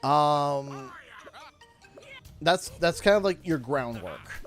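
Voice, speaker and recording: A man's voice: fairly high pitch, faint music behind. Rambling man hosting a gaming livestream. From Canada. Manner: rambling, halting, many fillers and restarts; gets loud and excited over donations. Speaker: livestream host.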